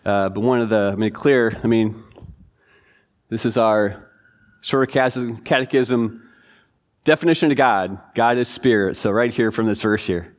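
A man teaching a church Bible class in a relaxed, informal way, reading verses and quizzing listeners. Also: mid-range voice, moderate pace. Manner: informal, chatty, quizzing the audience. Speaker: pastor.

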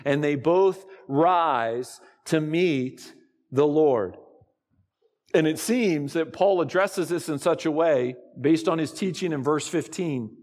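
Male pastor, sermon, unhurried delivery, slightly raised pitch, long hall reverb. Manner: slow, deliberate preaching with dramatic pauses.

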